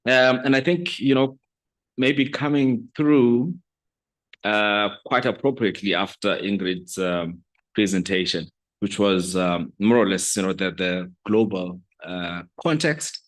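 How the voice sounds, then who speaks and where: A man from South Africa giving a conference keynote as a regulator, speaking in a measured, hesitant way with many fillers. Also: lowish voice. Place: conference stage.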